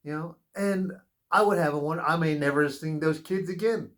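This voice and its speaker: A man's voice: fairly high pitch, moderate pace, a bit bright. A man giving a spiritual tarot reading in an earnest, rambling, advice-giving way, drifting into personal stories. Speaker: tarot reader.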